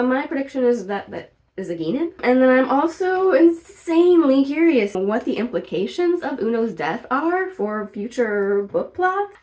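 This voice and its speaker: A woman talking through a casual TV show review in a chatty, animated way, full of "like" fillers and the odd blunt swear. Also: on the high side. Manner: outspoken, swears in mock outrage. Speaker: video reviewer.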